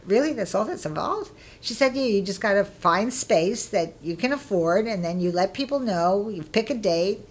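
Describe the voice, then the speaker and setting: A middle-aged woman being interviewed, telling stories in a casual, lively way and acting out what people said with bursts of laughter. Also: medium pitch, moderate pace. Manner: lively, acts out quoted voices with laughter. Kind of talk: casual storytelling.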